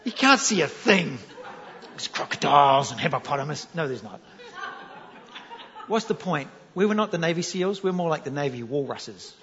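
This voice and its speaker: A fairly high-pitched New Zealand pastor, speaking at normal speed with a Kiwi accent, delivers an animated, joke-filled storytelling sermon and questions his audience. Crowd noise can be heard. The hall echoes, and the recording is dull and lo-fi.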